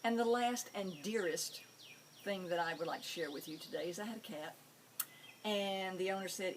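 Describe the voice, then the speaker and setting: A woman hosting a pet psychic show, telling anecdotes in an animated, amused storytelling manner. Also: fairly low pitch, normal speed, background noise. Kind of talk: storytelling monologue.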